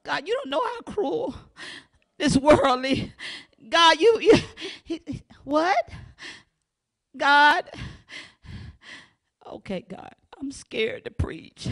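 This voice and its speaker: High bright-voiced woman preaching fervently. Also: big pitch swings, very slow, pauses often. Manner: fervent, shouting in bursts, then dropping to hushed talk. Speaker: pastor. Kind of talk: sermon.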